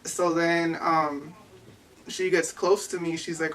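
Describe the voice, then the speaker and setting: A young adult woman giving personal testimony as an interviewee, halting and full of "like" fillers. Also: on the low side, little pitch movement, fairly bright tone. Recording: distant mic with faint ambience.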